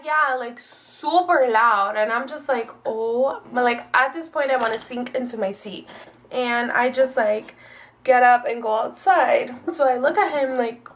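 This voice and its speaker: A young woman with a fairly high voice tells a personal story in relaxed, rambling fashion. She fills her speech with "like" and acts out quoted lines from both sides. A slight sniffle from a runny nose runs through her talk. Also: moderate pace. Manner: chatty, lots of "like" and quoted dialogue. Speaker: vlogger telling a dating story. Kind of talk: casual storytime.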